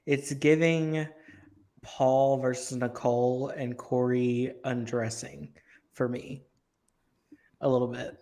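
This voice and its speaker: A man's voice: medium pitch, level tone, slow pace, pauses often, warm tone. A man co-hosting a casual podcast chat, playful and teasing. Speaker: podcast co-host.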